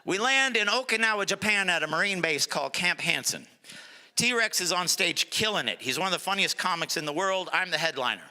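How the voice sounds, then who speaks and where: On a comedy stage before an audience, a middle-aged man with a high voice performs brisk, animated stand-up, jumping into character voices for his jokes. The live venue adds long reverb.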